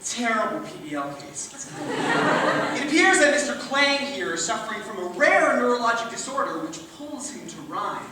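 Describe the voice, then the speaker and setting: A woman's voice: a little high, very animated, normal speed, background noise. An actress playing a wry, skeptical female medical student in an amateur stage musical. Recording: echoey stage from far off with audience.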